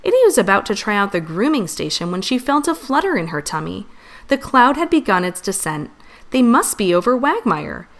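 Woman reading a kids' storybook, really animated sing-song voice. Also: mid-range voice, a little fast. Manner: gentle, expressive, lively voice changes for characters. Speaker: storybook reader. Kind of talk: reading a children's storybook aloud.

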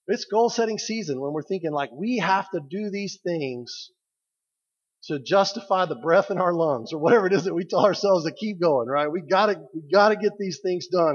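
A pastor giving a conversational sermon, stressing key words and slowing down for emphasis. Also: male voice, on the high side, breathy edge, highs cut off. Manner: conversational, emphatic preaching with slow pauses.

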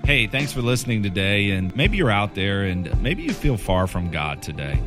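A man as pastor giving an earnest, gentle closing message and leading a prayer. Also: on the low side, big pitch swings, moderate pace. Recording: guitar music underneath.

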